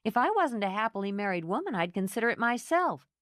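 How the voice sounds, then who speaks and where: A woman's voice: mid-range voice, big pitch swings, quick pace, a bit bright, no echo, pitched above the performer's own voice. A woman voicing a wry, easygoing married woman friend with a dry, offhand manner.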